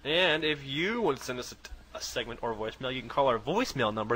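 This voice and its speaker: A man's voice: mid-range voice, a little fast, hardly any pauses, pushed and bright, rough recording. A man hosting a podcast, giving contact details with joking banter. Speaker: podcast host. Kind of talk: casual chat. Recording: music bed underneath.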